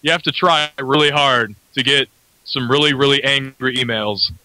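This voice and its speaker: A man's voice: mid-range voice, moderate pace, bright, forceful tone, dry recording, low-quality recording. A man hosting an internet radio show, rambling casually with many fillers and frequent laughs.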